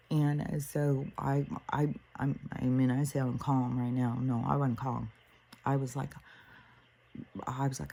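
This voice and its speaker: An older woman with a low, gravelly voice that has a husky, mellow edge. She rants in a casual monologue, swearing freely and acting out what she and others said. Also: normal speed, poor audio. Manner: profane, ranting storyteller; animated, quotes herself and others. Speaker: host.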